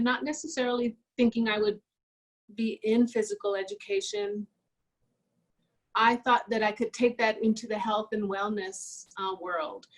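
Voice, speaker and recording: A woman's voice: fairly high pitch, low-quality recording. Musing woman art instructor drawing. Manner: relaxed, musing, thinks aloud with fillers. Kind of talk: casual talk while drawing.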